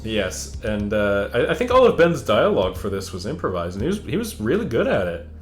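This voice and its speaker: Relaxed young man chatting on a podcast. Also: fairly low pitch, a little fast, faint music behind. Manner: relaxed and hesitant, lots of restarts and laughter. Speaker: podcast co-host. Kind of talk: casual podcast chat.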